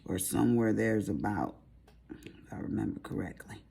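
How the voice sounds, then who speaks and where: A woman's voice: rumbling low, lively intonation, moderate pace, gravelly, mellow, slightly rough. A middle-aged woman with a Southern American accent, chatting casually in a rambling, folksy way while she works on a craft. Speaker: crafting vlogger. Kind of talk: casual chat while diamond painting.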